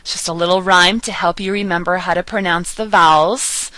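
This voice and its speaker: A woman teaching a beginner Spanish lesson, drilling sounds slowly and pausing for learners to repeat. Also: fairly low pitch, fairly even intonation, sharp tone, no echo. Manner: slow, patient drilling with pauses for repetition. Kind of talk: recorded online lesson.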